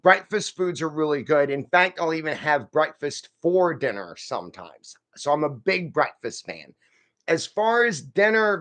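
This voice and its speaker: A man's voice: fairly high pitch, fairly bright tone. A man hosting a casual live stream, rambling and folksy as he reads out viewer comments and answers them. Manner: folksy, calls viewers friend and y'all.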